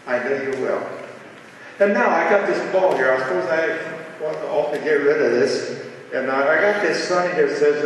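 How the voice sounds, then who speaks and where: A man's voice: a little high, a little hiss or hum. Older man telling stories in echoey hall. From Ohio, USA. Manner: rambling, halting, many filler sounds. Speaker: speaker at a charity fundraiser. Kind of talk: folksy personal storytelling. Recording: echoey hall, distant mic.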